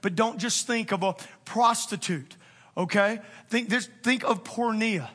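Bright-voiced, high-pitched male preacher. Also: measured pace, breathy edge. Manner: emphatic preaching, rising to shouts and dropping to hushed tones. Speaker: pastor. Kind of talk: sermon.

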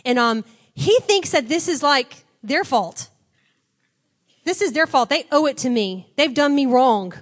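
A woman preacher giving a chatty, conversational sermon, retelling a story with lively acted-out quotes. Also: high-pitched, a little slow.

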